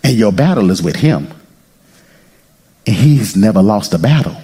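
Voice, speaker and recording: A male pastor preaching an impassioned sermon, swinging from loud cries to near-whispers and breaking into prayer. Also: lowish voice, lively intonation, normal speed, husky. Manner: prays aloud mid-sermon.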